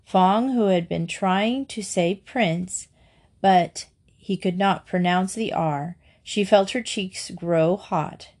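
A woman reading a children's book aloud in a slow, even narration. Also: on the low side.

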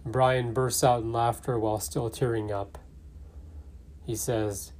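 A man's voice: mid-range voice, level tone, slow pace, a little mellow. A man casually narrating and commenting on his own fan theory, thinking aloud with fillers. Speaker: fan theory video maker.

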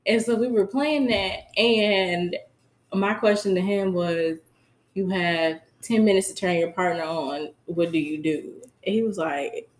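A young woman co-hosting a podcast, telling stories casually and playfully and laughing often. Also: fairly low pitch. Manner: slow, playful, giggly storytelling. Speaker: podcast co-host. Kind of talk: casual chat. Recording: echoey room with faint background noise.

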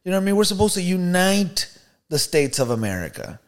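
A man with a fairly high voice tells a story on a podcast in an animated, casual way. He talks in slang and keeps checking in with his listener. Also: brisk. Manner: animated, slangy, keeps saying bro and you know what I mean. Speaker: podcast co-host.

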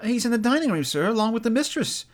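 A man's voice: extremely high pitch, very animated, fast talker, voice pushed up. A man reading aloud and voicing a young housemaid who answers politely and deferentially.

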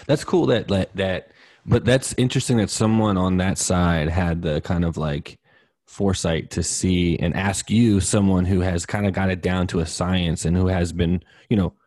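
A young man hosts the interview with a very low, deep voice. He talks casually and haltingly with many fillers. The recording is dry, with no room sound. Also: darkish tone, no echo. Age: young adult. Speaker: interview host.

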